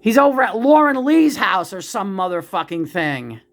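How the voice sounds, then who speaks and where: A woman's voice: medium pitch, very animated, normal speed, vocal fry. A woman giving a casual monologue in a profane, emotional rant. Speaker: vlogger.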